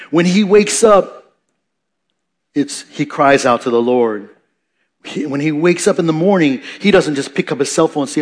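Male pastor mid-sermon; conversational, self-correcting, swells loud then drops quiet. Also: fairly high pitch. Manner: dynamic preaching, rising for emphasis and dropping soft.

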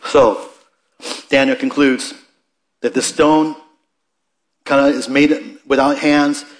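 A man teaching a Bible study in a conversational way, with frequent restarts and asides, rising in emphasis and then dropping to quiet remarks. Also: medium pitch, fairly even intonation, slow.

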